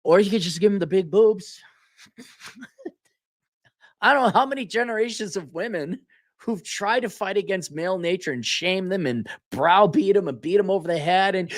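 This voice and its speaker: A man hosts his own show in a blunt, sarcastic, casual monologue, swearing freely and reading viewer comments aloud. His pitch swings widely, rising and falling as he talks. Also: expressive, normal speed. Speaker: host.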